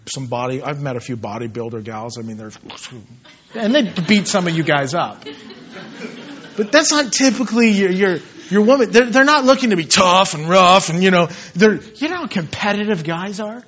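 A man in his thirties preaching a sermon, telling stories with lively acted-out shouts. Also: high voice, normal speed, lo-fi sound. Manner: animated storytelling, acts out scenes with shouts.

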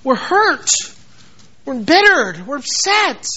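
A male preacher delivers a fervent sermon in a strikingly high voice. He repeats words for emphasis and slips into acted voices for scripture. The recording sounds dull and lo-fi. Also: very animated, takes it slowly, pushed and bright. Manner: passionate, repetitive, quotes scripture in acted voices.

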